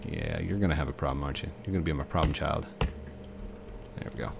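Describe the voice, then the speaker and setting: A man's voice: rumbling low, fairly quick, gravelly, noisy background. A man giving casual, rambling commentary while playing a video game, talking to himself and the game. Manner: chatty, talks to himself and the game.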